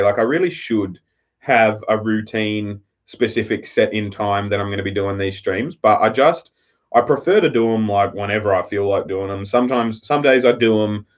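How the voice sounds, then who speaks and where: A man with an Australian accent chatting on a live stream, telling a rambling, profane story. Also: lowish voice. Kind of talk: casual live-stream chat. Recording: slightly dull lo-fi audio.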